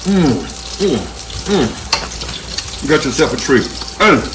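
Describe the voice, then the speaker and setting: A slightly high, sing-song voice comes from a man hosting his home cooking channel, talking slowly. Heavy kitchen noise of frying and clattering pots runs behind his folksy, playful chatter to the viewer.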